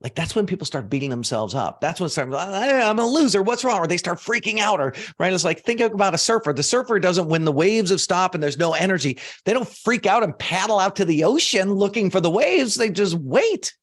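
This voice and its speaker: Man, motivational teacher; bright, lively, very expressive pitch; casual delivery with emphatic bursts. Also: a little fast, few pauses. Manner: animated, swings from soft low asides to loud emphatic bursts; casual, uses fillers like "like" and "you know". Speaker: manifestation coach. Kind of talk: motivational teaching talk to an audience.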